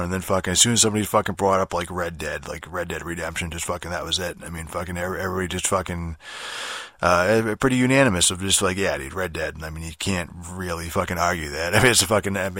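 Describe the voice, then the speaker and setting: A young man with a low, forceful voice rants about video games, swearing at every turn and rambling through fillers and false starts. The sound is dry and close, with no room around it. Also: no room sound. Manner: profane, rambling, with many fillers and restarts. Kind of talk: casual rant monologue.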